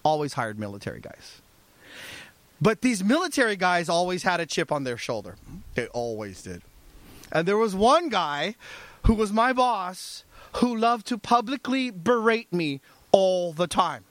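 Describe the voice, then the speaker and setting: A male pastor preaching a sermon in an animated, conversational storytelling way. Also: high voice, unhurried, dry recording.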